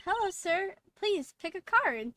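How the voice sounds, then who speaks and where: A woman's voice: very high voice, big pitch swings, a little slow, fairly bright tone, a little hiss or hum, pitched above the performer's own voice, exaggerated voice. A woman voicing a cheerful young girl magician, speaking playfully and mysteriously.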